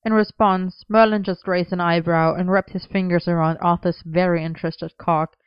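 A woman reading a story aloud in steady, even narration. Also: on the low side, normal speed, clean tone, dry recording. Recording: slightly dull, dry close recording.

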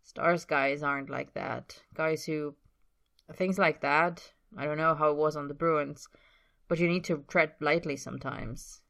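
A woman's voice: deep voice, steady tone, a little slow, creaky, a bit bright, heavily acted. A woman voicing a tired, careful older male team captain.

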